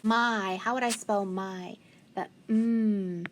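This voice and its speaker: Slow, patient woman teaching phonics. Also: mid-range voice, a little hiss or hum. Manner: slow, patient, encouraging, sounding out letters. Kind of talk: phonics spelling lesson.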